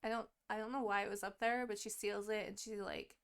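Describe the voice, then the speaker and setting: A young woman co-hosting a podcast, casually retelling a book's plot in a lively, profane way and acting out the characters' lines. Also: medium pitch, brisk. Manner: animated and profane, acts out quoted characters. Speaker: podcast co-host.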